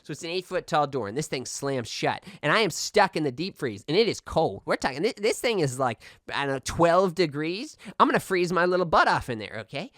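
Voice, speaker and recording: A man's voice: a little high, very animated, a little fast, few pauses, fairly bright tone, dry recording. A man plays a boastful radio host who rambles and keeps demanding "okay?" as he tells his tale. He stays defensive whenever he is questioned. The recording is dry and close. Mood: rambling. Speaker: radio call-in show host. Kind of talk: comedic audio drama.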